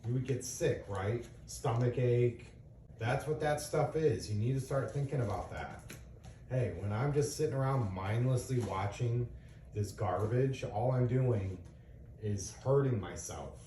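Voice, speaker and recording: A man's voice: mid-range voice, unhurried, dark tone, a little hiss or hum. A middle-aged man, a father, earnestly explaining things to his young children in a casual talk, asking them questions and giving examples. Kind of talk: casual lecture to kids. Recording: echoey room, voice from a distance.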